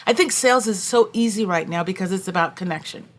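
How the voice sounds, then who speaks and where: A woman executive coach appearing as a podcast guest, telling lively anecdotes and acting out the voices of people she met. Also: mid-range voice, quick pace. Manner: storytelling, acts out quoted voices, warm and animated. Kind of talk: conversational interview.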